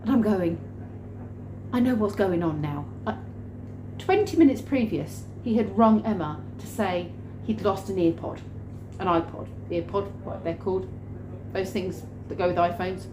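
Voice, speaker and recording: A woman vlogger telling a story in a lively way, acting out the scenes. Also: medium pitch, moderate pace, noisy background. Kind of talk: animated storytelling vlog. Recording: roomy room with faint ambience.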